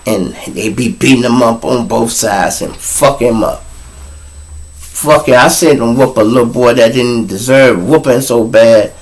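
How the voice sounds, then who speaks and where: A man's voice: fairly low pitch, rough recording. A man hosting a podcast, telling a long story in casual, profane talk and acting out other people's words. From Chicago. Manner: animated, profane, acts out quoted voices. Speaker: podcast host.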